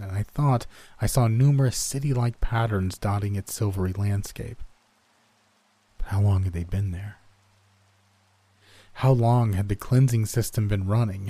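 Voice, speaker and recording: Dark low-voiced male horror narrator. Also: dry recording. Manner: measured, somber storytelling. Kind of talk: scripted first-person horror narration.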